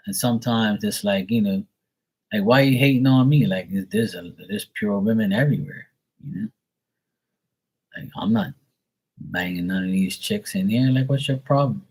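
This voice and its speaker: Husky-voiced man ranting casually. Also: medium pitch, normal speed, darkish tone. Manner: blunt, profane storytelling, slips into mocking voices. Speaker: live tarot reader. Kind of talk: casual monologue to a live stream.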